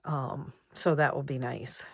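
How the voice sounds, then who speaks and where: A woman in her sixties, a savings vlogger, who talks in a halting, reflective and emotional way, with many ums and restarts. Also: rumbling low, steady tone, gravelly, breathy edge, no room sound, studio quality. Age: 60s. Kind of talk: personal vlog chat.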